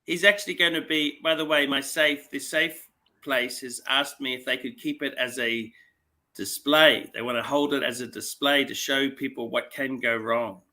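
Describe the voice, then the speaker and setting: A man hosting a casual livestream chat about watches, laughing often and repeating himself when excited. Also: medium pitch, normal speed. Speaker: livestream host.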